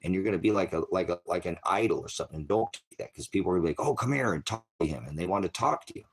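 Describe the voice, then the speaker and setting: Low-voiced rambling American man. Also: racing. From United States. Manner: rambling, loose, full of fillers and restarts. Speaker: channel host. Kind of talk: casual livestream chat.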